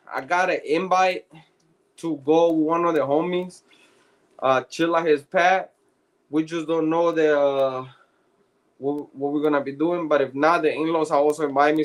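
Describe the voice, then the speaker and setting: A man telling stories in casual podcast chat, profane and slangy, laughing often. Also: on the high side. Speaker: podcast co-host.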